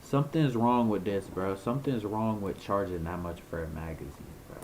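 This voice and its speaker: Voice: deep voice, moderate pace, darkish tone, slight background noise, poor audio. Young adult ranting in slang. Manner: swears casually. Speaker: video creator. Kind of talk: screen reaction commentary.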